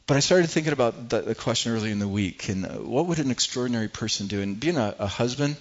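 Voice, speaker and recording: A man's voice: medium pitch, animated, quick pace, highs cut off. A middle-aged man preaching a sermon as pastor, earnest and prone to repeating words as he builds his points.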